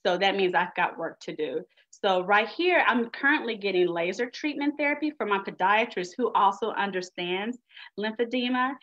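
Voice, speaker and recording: A woman's voice: medium pitch, expressive, moderate pace, a bit bright. A woman giving a chatty, folksy webinar presentation on a video call. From United States. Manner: chatty, folksy, addresses audience as y'all. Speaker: guest speaker sharing her experience. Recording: dull lo-fi video call audio.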